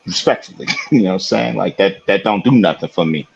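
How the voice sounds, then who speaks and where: A man's voice: low-pitched, fairly quick, creaky, breathy edge, dull audio. A man co-hosting a podcast, telling a story in casual chat, laughing often and swearing freely. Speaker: podcast co-host.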